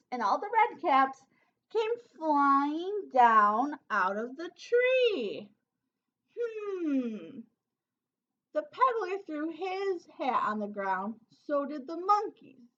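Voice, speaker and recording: A woman teacher reading a picture book aloud to children, pausing to ask them questions and prompt them to act along. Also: sits high, very animated, fairly bright tone, muffled recording. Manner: interactive, asks children questions. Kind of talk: storybook read-aloud for children.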